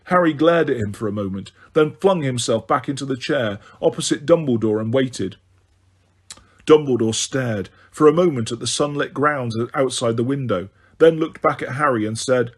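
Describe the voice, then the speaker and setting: A man narrating a novel for an audiobook in a steady, even storytelling manner. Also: medium pitch, moderate pace, husky. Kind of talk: scripted narration.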